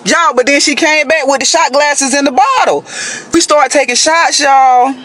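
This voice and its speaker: A man casually telling a dating story to camera in an animated way, often calling out to his listeners. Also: very high-pitched, moderate pace. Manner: animated, addresses listeners as "y'all".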